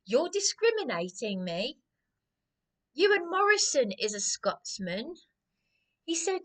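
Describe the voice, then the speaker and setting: A woman rants into the camera for her own channel. Her voice sits a little high, and she keeps stumbling, repeating words and throwing accusations at the people she names. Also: sing-song, measured pace, a bit bright. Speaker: YouTuber. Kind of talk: angry rant to camera.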